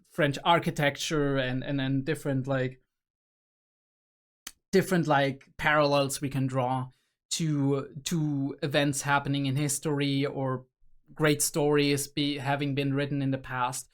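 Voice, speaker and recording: A young adult man hosting a reaction video, musing aloud in a casual, rambling way with many fillers and restarts. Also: mid-range voice.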